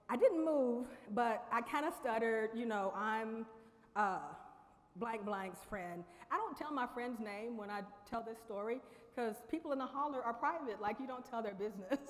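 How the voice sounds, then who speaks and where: A woman's voice: on the high side, normal speed. Chatty woman in a chapel. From Lexington, Kentucky. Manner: conversational, laughs often, addresses audience directly. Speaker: convocation speaker. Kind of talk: storytelling speech. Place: large chapel. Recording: long reverb of a chapel hall.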